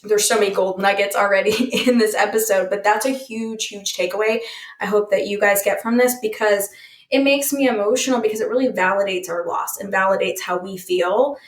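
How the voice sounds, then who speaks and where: A woman's voice: medium pitch, fairly quick. A young woman hosting a podcast, heartfelt and chatty, filling her speech with "like". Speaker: podcast host. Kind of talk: casual conversational podcast. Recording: echoey room.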